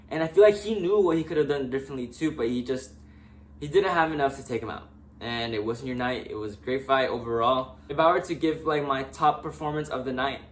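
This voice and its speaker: A young man casually recapping MMA fights, excitable and talking straight to the fighters. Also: fairly high pitch, a little hiss or hum. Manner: excitable, talks directly to fighters. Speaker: MMA fan vlogger.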